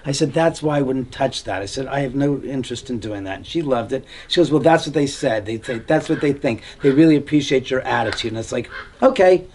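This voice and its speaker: A homeowner giving a tour, telling stories in an animated way and acting out the quoted voices of other people. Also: male voice, mid-range voice, fast talker, few pauses. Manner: acts out quoted dialogue, rambling with restarts. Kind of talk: animated storytelling.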